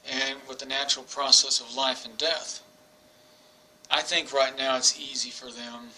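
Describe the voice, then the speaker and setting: A man in his forties telling a personal story to camera, rambling and halting with many restarts. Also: medium pitch, flat delivery, pushed and bright, low-quality recording. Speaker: vlogger. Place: England.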